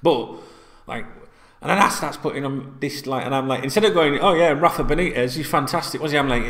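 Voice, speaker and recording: A man's voice: on the high side, animated, quick pace, a bit bright, echoey room. An English man telling a rambling story to his viewers, swearing freely and calling them guys. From England. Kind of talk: casual storytelling to camera.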